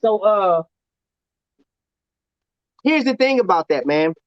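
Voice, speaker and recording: A man with a high voice hosts a casual livestream chat, slangy and animated, laughing often. The sound is dull and lo-fi, and dry with no room echo. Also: slow. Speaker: show host.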